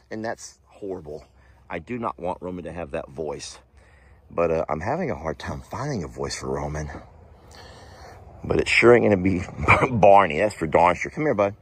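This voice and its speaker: A man's voice: sits low, lively intonation, moderate pace, breathy edge, dry recording. Playful, chatty male vlog host. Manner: playful, chatty, self-teasing. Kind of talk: casual vlog chat.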